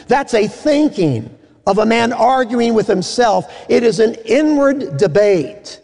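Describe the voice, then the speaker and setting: A man preaching a sermon in a folksy, animated way, with joking asides. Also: extremely high pitch, unhurried, creaky. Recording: echoey hall.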